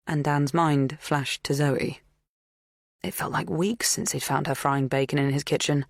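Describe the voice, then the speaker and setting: Measured audiobook narrator, dry sound. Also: mid-range voice, no echo.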